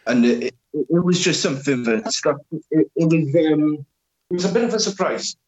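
A man's voice: a little high, moderate pace, a little mellow, husky, lo-fi sound. A man from Wales, chatting casually and hesitantly. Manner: hesitant, many fillers and restarts. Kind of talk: casual chat.

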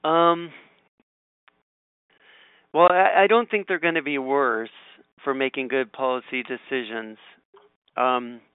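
A man reading quiz questions aloud and thinking out loud in casual chat, with frequent ums and restarts. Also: mid-range voice, steady tone, takes it slowly, pauses often, clean tone, dry recording. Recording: tinny phone-like audio.

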